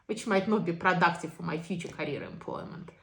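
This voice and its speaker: A woman's voice: fairly low pitch, fairly quick, vocal fry, a bit bright. A woman teaching a self-compassion session in English that is not her first language, often checking in with "okay?". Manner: non-native English phrasing. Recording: echoey room.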